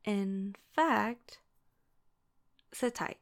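A woman's voice: medium pitch, fairly even intonation, slow pace, creaky, pauses often, clean tone. A young woman in a teasing intimate audio role-play, speaking in a put-on Valley Girl voice as a playful girlfriend.

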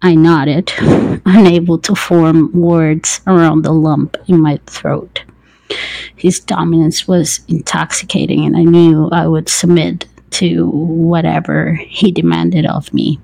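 A woman narrating a romance story as whispered role-play, in a soft, breathy half-whisper. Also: sits low, level tone, slow, dry recording, low-quality recording.

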